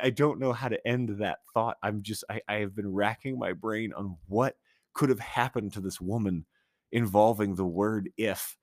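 A man's voice: lowish voice, normal speed, no echo, studio quality. A man hosting a podcast on his own, telling a story casually and rambling with many restarts, swearing and sounding incredulous. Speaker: podcast host.

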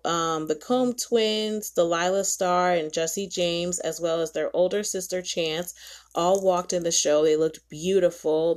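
Chatty woman podcast host, low voice. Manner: chatty, animated, opinionated. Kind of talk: casual chat.

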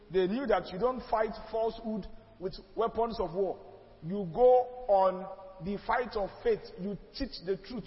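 A man with a Nigerian accent teaching a church history class, speaking emphatically and firing off rhetorical questions. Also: high voice. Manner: emphatic, rhetorical questions, mixes in pidgin and Yoruba asides. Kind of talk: classroom lecture. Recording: echoey hall, muffled lo-fi sound.

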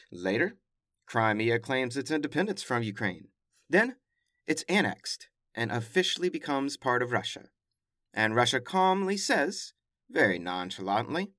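A man's voice: on the high side, sing-song, moderate pace, fairly bright tone, dry recording, clean studio sound. A man hosting a news podcast, reading headlines and commenting in a casual, emphatic way with wry asides. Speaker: podcast host.

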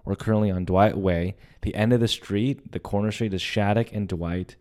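A young man hosting a podcast, telling a personal story in a casual, animated way and acting out the quoted lines. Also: lowish voice, normal speed. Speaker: podcast host.

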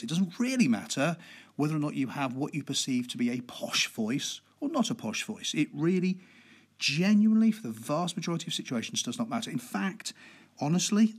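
A man with a husky, slightly breathy voice talks through a podcast on public speaking. He stays relaxed and conversational, dropping in fillers and keeping the pace deliberately slow. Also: mid-range voice. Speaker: podcast host.

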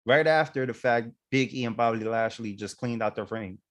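A man's voice: mid-range voice, normal speed, a bit bright. A man co-hosting a podcast, talking in an easygoing, slangy way. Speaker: podcast co-host. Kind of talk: casual chat.

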